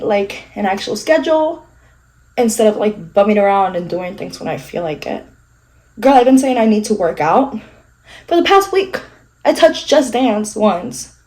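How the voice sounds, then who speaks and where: A woman's voice: mid-range voice, a little mellow, low-quality recording. A young woman chatting casually as she does her makeup at home, candid and self-mocking, swearing freely and sounding a little stuffy from a coming cold. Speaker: beauty vlogger. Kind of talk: casual get-ready-with-me chat. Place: her living room.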